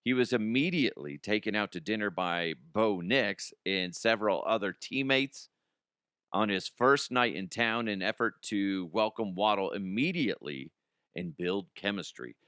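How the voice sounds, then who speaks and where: Host of a sports talk show, a man who rambles and laughs at himself in casual chat. His voice is bright and forceful and sounds dry and close to the mic. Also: on the low side, animated, moderate pace, clean tone, no room sound. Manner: rambling and self-mocking, laughs often.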